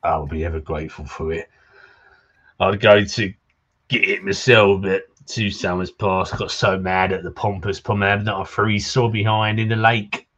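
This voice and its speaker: A man's voice: sits low, fast talker, few pauses, fairly bright tone, lo-fi sound. A man putting on a drunk old fisherman. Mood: grumbling. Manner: gruff folksy pirate-ish drawl.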